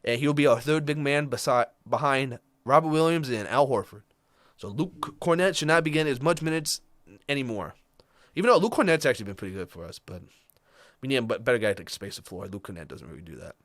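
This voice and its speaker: Male co-host, mid pitch, casual chatty delivery, dry close mic. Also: expressive, a bit bright, dry recording. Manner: rundown of trades, fillers and quick asides. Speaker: podcast co-host. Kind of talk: casual sports chat.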